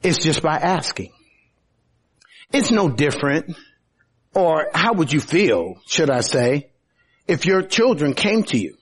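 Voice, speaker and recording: A man preaching a sermon in a husky, high voice that swings widely in pitch. He talks slowly and emphatically, leaning on rhetorical questions and dramatic turns. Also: very animated.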